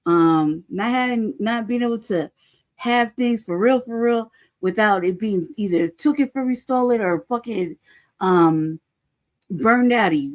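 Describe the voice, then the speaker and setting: Heated, profane woman ranting. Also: on the high side. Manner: heated, profane rant full of rhetorical questions; frequent laughs and "you know what I mean". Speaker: podcast host. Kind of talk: unscripted political commentary.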